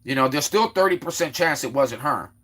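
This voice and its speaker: A man's voice: expressive, fairly quick. A man hosting a livestream, telling a long story in a rambling way, stumbling over repeated words and quoting others in his own voice. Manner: exclaims loudly then trails off low. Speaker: livestream host. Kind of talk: casual ranting monologue.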